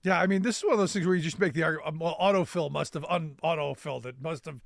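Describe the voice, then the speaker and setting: Brief: male political talk host, high gravelly voice, halting, keeps restarting, dry close sound. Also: dry recording. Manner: halting, many restarts, self-deprecating asides. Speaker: radio talk show host. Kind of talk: political talk show chat.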